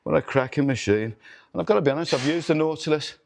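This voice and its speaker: A man's voice: a little high, quick pace, gravelly, darkish tone. A middle-aged man hosting a workout demonstration vlog in a gym, counting reps aloud and swearing and groaning as he strains through sets. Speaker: gym owner and host. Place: indoor gym.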